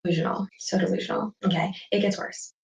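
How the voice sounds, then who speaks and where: A woman's voice: medium pitch, steady tone, fast talker, creaky, a little mellow. A woman talking defensively and incredulously in a casual vlog. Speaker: youtuber. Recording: echoey room, distant lo-fi mic.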